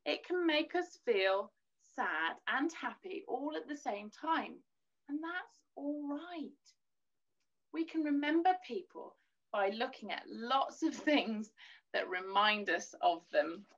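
A woman leading a gentle children's worship lesson, teaching in a soothing sing-song voice and singing simple lines for children to repeat. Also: a little high, gravelly. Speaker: children's church leader. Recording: dull lo-fi recording.

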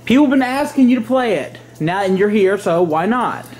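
A man's voice: high-pitched, expressive, a little fast, a little mellow. A man patiently walking his father through a video game in casual chat. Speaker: son filming his father.

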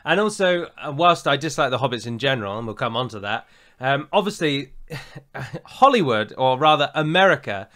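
A man's voice: medium pitch, animated, moderate pace, fairly bright tone. A man with a southern English accent, chatting casually as co-host and giving opinionated reviews with frequent fillers. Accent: southern English standard. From England. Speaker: podcast co-host.

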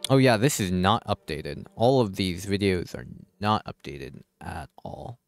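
Slow, low-voiced man streaming games. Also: expressive, no room sound, soft background music. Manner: distracted, keeps saying hold on while fiddling with settings; swears casually, talks back to chat. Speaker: live streamer. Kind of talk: casual gaming stream chat.

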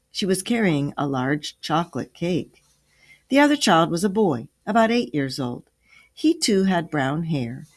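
A woman reading a story aloud for a children's lesson, with an expressive, clear delivery. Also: low-pitched, no room sound, studio quality.

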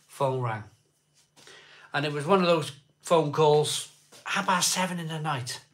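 This man's voice sits fairly high and he takes his time. He's hosting a live beer stream, reading comments aloud, welcoming viewers by name, and drifting casually between subjects.

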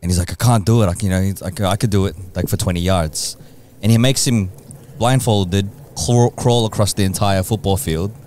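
A man chatting on a podcast with friends. His natural voice sits low, but he tells stories with a lot of animation. He jumps into high, strained voices whenever he acts out a quote. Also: normal speed, a little mellow, a little hiss or hum. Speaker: podcast co-host. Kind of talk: casual chat.

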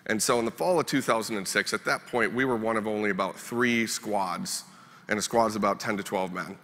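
Bright-voiced man giving a keynote. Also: on the low side, brisk, in a large hall. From United States. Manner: plain-spoken storytelling. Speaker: keynote speaker. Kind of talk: speech to a live audience. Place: conference hall.

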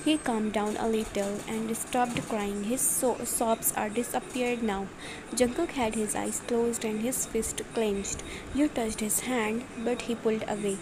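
A woman's voice: a little high, steady tone, unhurried. Woman reading fan fiction over background noise. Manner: reads dialogue and narration alike, with occasional slips and restarts. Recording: noisy background.

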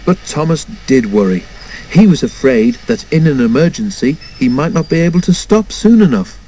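Mellow, lively man reading a story. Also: on the high side, normal speed, a little hiss or hum, rough recording. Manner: expressive, does all character voices. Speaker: storybook narrator. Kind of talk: scripted children's story reading.

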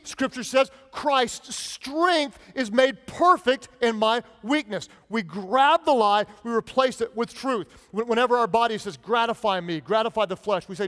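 A male pastor delivers an emphatic sermon in a fairly high voice. His words ring out with a long reverb, as in a large church hall. He preaches with punchy, animated emphasis, sometimes in mock sarcasm and sometimes in earnest. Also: normal speed, few pauses.

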